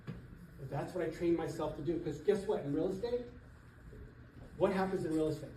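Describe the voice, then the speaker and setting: A man's voice: a little high, moderate pace, a little hiss or hum. Emphatic man coaching a roomy hall. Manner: emphatic, animated, laughs between points. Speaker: real estate coach. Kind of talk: motivational seminar talk. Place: church hall with an audience. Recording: echoey hall, voice from far off.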